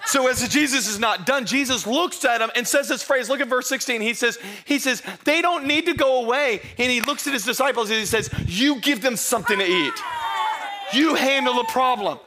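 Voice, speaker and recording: A man preaching a humorous sermon, telling the story playfully and acting out the characters in hushed asides. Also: brisk, hardly any pauses, slight background noise. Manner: playful storytelling, acts out disciples in low hushed voices. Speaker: pastor.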